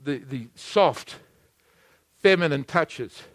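A man preaching a sermon, swinging between loud exhortation and hushed, intimate asides. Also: a little high, lively intonation, takes it slowly, noisy background.

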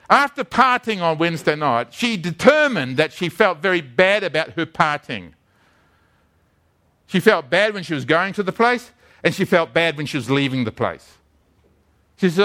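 A man's voice: high-pitched, expressive, normal speed, pushed and bright. A man preaching a sermon as a pastor, telling stories earnestly and often repeating his words.

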